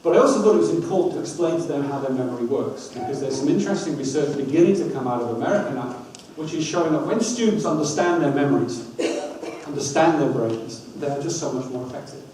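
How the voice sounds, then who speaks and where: Male trainer, energetic and wry, heard off-mic in a big echoey hall with faint hum. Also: on the high side, fast talker, distant mic. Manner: energetic, coaxing the audience, wry asides. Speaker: dyslexia trainer giving a talk. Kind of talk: lively public talk with audience activities.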